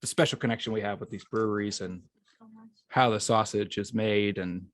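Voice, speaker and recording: A man's voice: fairly low pitch, steady tone, normal speed, no room sound. A man hosting a beer podcast, chatting casually and joking at his own expense. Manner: easygoing, self-deprecating joking. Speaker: podcast host.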